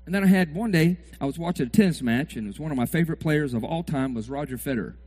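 Man preaching, high voice, big swoops, acts out cheering fans. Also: fast talker. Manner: animated, acts out fans shouting at the TV. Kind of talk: sermon.

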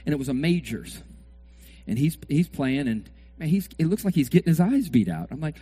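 A middle-aged man preaching a sermon, acting out sports fans yelling at the TV. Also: a little high, brisk, breathy edge. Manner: animated, acts out fans shouting at the TV.

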